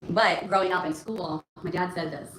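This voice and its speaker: A young woman hosting a casual livestream and answering chat, talking in a rambling, halting way with many fillers and restarts. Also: on the low side, fairly even intonation. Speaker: livestream host reading chat. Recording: roomy echo, faint background noise.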